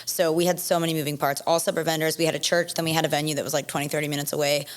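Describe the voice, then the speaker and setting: A woman with a notably low voice tells her story in a loose, conversational way. She leans on "like" constantly and restarts her sentences as she goes. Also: little pitch movement, rapid-fire. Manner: chatty, heavy use of "like" fillers, restarts mid-sentence. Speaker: podcast guest telling her wedding story. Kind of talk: casual storytelling.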